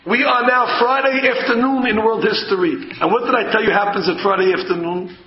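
A man's voice: sits high, steady tone, brisk. A man teaching a Torah class in sermon style, telling stories and acting out a flustered husband. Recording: echoey, dull lo-fi room recording.

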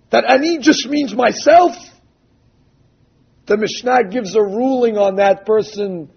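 Casting: emphatic preacher, a man with a high, husky voice, on a dull lo-fi recording. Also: animated. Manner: emphatic, drawn-out quoting of texts. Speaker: rabbi or religious teacher. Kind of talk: sermon with storytelling.

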